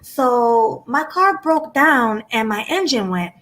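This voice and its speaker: High-voiced woman hosting an interview. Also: sing-song, takes it slowly, a bit bright. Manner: chatty, jumps in to share her own stories. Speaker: interview host. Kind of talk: casual interview chat.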